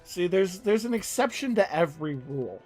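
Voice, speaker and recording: A man's voice: high voice, sing-song, normal speed, a little mellow, faint music behind. A young man streaming a game, chatting casually in a rambling, profane way and laughing often. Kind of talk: casual chat while gaming.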